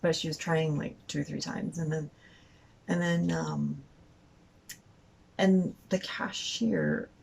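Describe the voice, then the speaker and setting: A woman's voice: deep voice, fairly even intonation, takes it slowly, creaky, long pauses, darkish tone, a little hiss or hum, rough recording. A young woman, a mother, rambling through a story to the camera with many fillers and frequent laughter. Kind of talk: casual storytelling.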